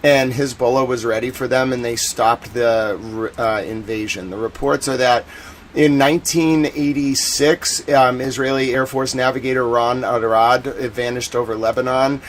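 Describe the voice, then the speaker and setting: A chatty American man rambles through his live-stream commentary in a voice of ordinary pitch. His talk is loose and full of slang, and now and then it flares into loud indignation. A faint hum sits behind him. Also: steady tone, a little slow. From United States.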